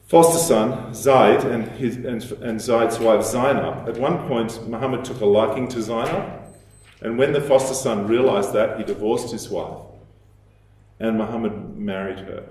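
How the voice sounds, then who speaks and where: A man giving a lecture in a measured, explanatory way, with fillers and restarts as he thinks aloud. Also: mid-range voice, a little mellow. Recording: echoey hall, voice from a distance.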